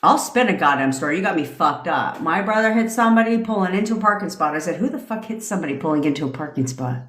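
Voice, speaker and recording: A woman's voice: lowish voice, animated, fast talker, fairly bright tone. Brash, profane woman ranting on a live stream. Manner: profane, brash storytelling with frequent laughs. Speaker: manifestation coach hosting a live stream. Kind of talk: casual live-stream rant. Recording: echoey room.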